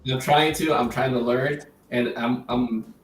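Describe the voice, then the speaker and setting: A man chatting casually as a guest, earnest and halting, often repeating words as he starts his sentences. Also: mid-range voice, steady tone. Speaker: guest, group member. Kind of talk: casual chat. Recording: roomy sound from far off the mic.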